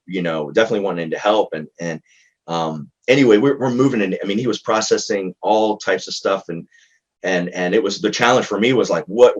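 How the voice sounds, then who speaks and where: Low husky-voiced male psychologist. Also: muffled recording. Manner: halting, earnest, with frequent restarts. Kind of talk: recounting a therapy case in conversation.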